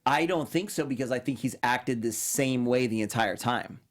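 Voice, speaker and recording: A man co-hosting a podcast, chatting casually in a laid-back, amused way and disagreeing calmly. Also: mid-range voice, normal speed. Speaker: podcast co-host. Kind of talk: casual recap chat.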